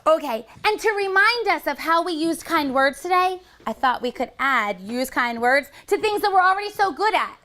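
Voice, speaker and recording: A woman teacher leading young children in a classroom, animated and full of praise. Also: sits high, moderate pace, few pauses.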